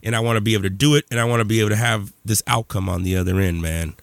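Animated male podcast host, dry sound. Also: on the low side, racing, vocal fry, no room sound. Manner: animated, prodding, says "man" often. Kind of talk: casual podcast interview.

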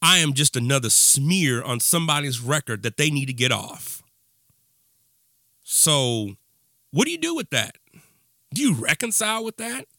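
A man's voice: on the high side, big pitch swings, normal speed, creaky, long pauses, bright, forceful tone, dry recording, clean studio sound. A man hosting a podcast, delivering an impassioned, ranting monologue in a casual conversational way with fillers and restarts. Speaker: podcast host.

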